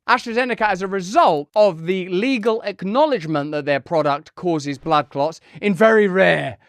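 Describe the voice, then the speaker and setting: A man's voice: high-pitched, fairly bright tone, dry recording, clean studio sound. A British man hosting an online show, delivering news commentary to a live chat in a sarcastic, mocking way and hammering points home through repetition. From United Kingdom.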